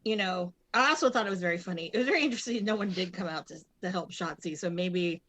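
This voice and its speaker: A woman's voice: on the low side, quick pace, fairly bright tone, dry recording. A woman co-hosting a casual wrestling podcast, talking in a hesitant way with many restarts. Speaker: regular podcast co-host.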